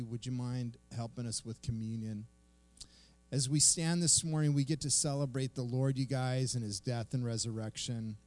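A man, a pastor, preaching a sermon in a church service. He tells a story in a lively, self-mocking way, then prays. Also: mid-range voice.

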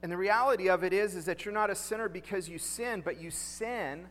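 A man's voice: sits high, brisk, fairly bright tone, in a large hall. A male pastor preaching a sermon in a conversational way, asking the congregation questions and repeating key lines.

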